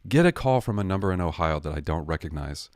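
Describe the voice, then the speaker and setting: A man's voice: low-pitched, expressive, quick pace, a little mellow, no room sound, studio quality. A man hosting a livestream, telling a story in a jokey, sarcastic way and correcting himself as he goes. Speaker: livestream host. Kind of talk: casual storytelling rant.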